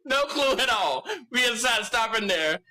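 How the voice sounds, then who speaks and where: A man's voice: very high voice, animated, moderate pace, pushed and bright. A man co-hosting a podcast, telling stories in casual chat and laughing often. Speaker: podcast co-host.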